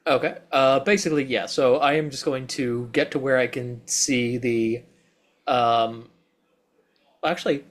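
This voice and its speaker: A man plays a tabletop game, working out his moves aloud in a hesitant way. He fills the gaps with ums and restarts. His voice sits at an ordinary middle pitch. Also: steady tone, measured pace. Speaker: player.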